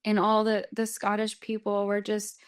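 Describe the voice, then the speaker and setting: A woman's voice: medium pitch, moderate pace, smooth. A woman from Texas with an American accent, a runner telling stories as a guest in a casual podcast interview and laughing often. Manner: chatty, laughs often, animated storytelling.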